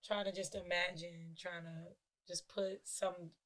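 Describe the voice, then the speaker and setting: A woman's voice: on the low side, flat delivery, a little slow, fairly bright tone. A woman hosting a podcast interview, offering short supportive replies. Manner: supportive, many short affirmations. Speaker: podcast host. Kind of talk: casual interview chat.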